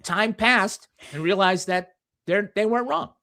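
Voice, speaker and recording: A man's voice: sits high, unhurried, bright, forceful tone. A man from Massachusetts with a Boston accent, a guest author in casual podcast conversation who tells stories at length and plays along with teasing.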